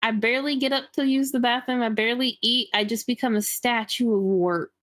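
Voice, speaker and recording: Brief: giggly, foul-mouthed woman friend on a call, highish voice, dry close sound. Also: a little fast, no room sound. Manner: giggly, swears freely, animated storytelling. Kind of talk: casual chat.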